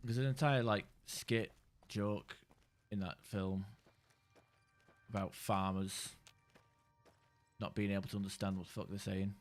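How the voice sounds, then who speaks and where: A man's voice: lowish voice, flat delivery, a little slow, long pauses, soft background music. A man streaming a game, chatting casually in a rambling, sweary way that keeps cutting himself off. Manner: rambling, sweary, self-interrupting. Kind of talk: casual gameplay chat.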